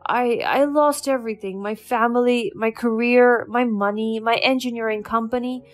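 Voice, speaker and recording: A woman's voice: fairly high pitch, fairly even intonation, normal speed, close to an everyday voice. A woman reading the lines of a remorseful, ruined ex-husband who stammers and pleads for forgiveness, in a storytelling voice. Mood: pleading. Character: remorseful ruined middle-aged ex-husband, man.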